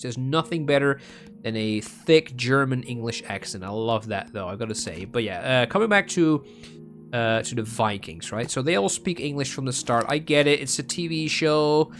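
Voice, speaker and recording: A man's voice: medium pitch, expressive, moderate pace, faint music behind. Rambling Dutch-accented young man. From Netherlands. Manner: rambling and self-mocking, with frequent ums and restarts. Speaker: gaming streamer. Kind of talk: casual rambling chat while gaming.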